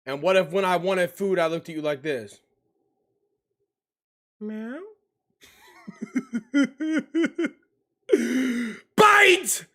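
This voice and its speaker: A man's voice: a little high, brisk, hardly any pauses. A man streaming live, chatting with viewers in a loose, slangy way that often trails off. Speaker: livestreamer.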